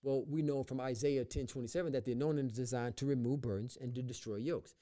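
A man's voice: medium pitch, fairly even intonation, quick pace, mellow. A man in the pastor role on a faith talk show, speaking with an emphatic, repetitive preacher cadence and reading scripture aloud. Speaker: pastor and podcast co-host.

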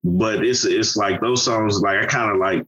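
A man's voice: lowish voice, moderate pace, a bit bright, breathy edge, highs cut off. A man in casual conversation about an album, hesitant and often rephrasing himself. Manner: hesitant, rephrases, many fillers. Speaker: podcast co-host. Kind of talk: casual music review chat.

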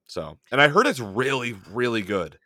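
A man's voice: medium pitch, sing-song, normal speed, pushed and bright, dry recording, studio quality. A man co-hosting a casual podcast, laughing often and swearing as he rambles through a scene. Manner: laughing, profane, scattered. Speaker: podcast co-host.

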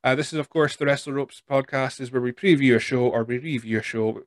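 A man's voice: medium pitch, a little fast, dry recording. Male podcast host, casual and self-deprecating, dry close-miked read. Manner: rambling, self-deprecating, frequent restarts. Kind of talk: casual chat.

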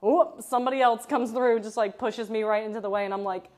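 A young woman in her twenties hosts a relaxed podcast chat. Her voice sits a little high, and she tells her stories with jokey animation and frequent laughter. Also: fast. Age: 20s. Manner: animated, joking storyteller who laughs often. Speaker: podcast host. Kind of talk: casual chat.

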